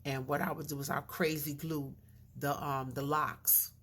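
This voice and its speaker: A middle-aged woman vlogger telling a casual story, animated and a little slurred in her diction. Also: deep voice, unhurried, slightly rough. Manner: animated storyteller, acts out quoted voices.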